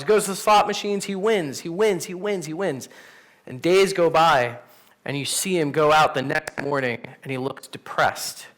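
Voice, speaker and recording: A man, a pastor, teaching an adult Sunday class in a church room, telling stories in a casual, animated way. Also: fairly high pitch. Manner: animated, storytelling, conversational with fillers. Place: church classroom with teens present.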